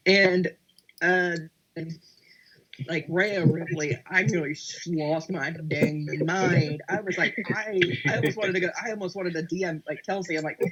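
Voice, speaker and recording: A man, part Scottish, chatting excitedly on a casual podcast, rambling with lots of restarts. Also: a little high, dull audio, slight background noise. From half Scottish. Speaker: podcast panelist.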